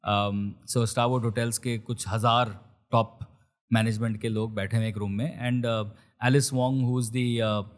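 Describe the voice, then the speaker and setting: A man's voice: mid-range voice, very fast. A middle-aged man with an Indian accent, mixing Hindi and English as he tells a story in an interview. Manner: animated, mixes Hindi and English. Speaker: chef and restaurant founder. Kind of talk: conversational storytelling.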